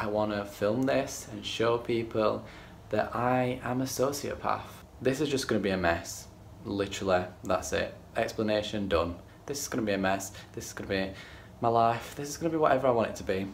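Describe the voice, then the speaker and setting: A man's voice: lowish voice, vocal fry, slight background noise. A young man vlogging casually into his phone, sarcastic and rambling, with a slight lisp from a retainer. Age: young adult. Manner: sarcastic, rambling, self-mocking. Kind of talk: casual vlog to a phone camera. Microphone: phone held at arm's length.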